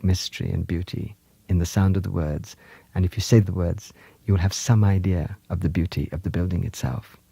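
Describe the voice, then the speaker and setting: A man telling stories from his childhood in India in a gentle, lyrical, unhurried way. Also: sits low, gravelly, husky, dry recording. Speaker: storyteller. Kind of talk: storytelling narration. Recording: music playing underneath.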